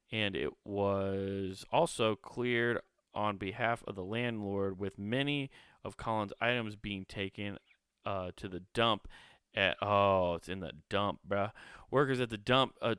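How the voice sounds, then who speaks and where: A man's voice: fairly low pitch, a bit bright, clean tone, no room sound. A man hosting a solo comedy podcast, ranting in a profane, rambling, incredulous way on a close podcast mic. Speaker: podcast host.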